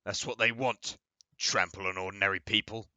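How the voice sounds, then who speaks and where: A pompous middle-aged father, indignant and scolding, with a sharp, tense edge to his voice, as a man reads him. The sound is dry and close. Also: fairly low pitch, fairly even intonation, normal speed, dry recording.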